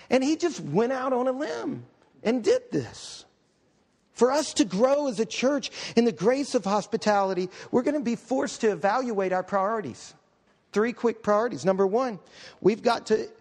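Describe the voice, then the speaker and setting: A middle-aged man, a pastor, preaching a conversational, humorous sermon with quick asides. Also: sits high.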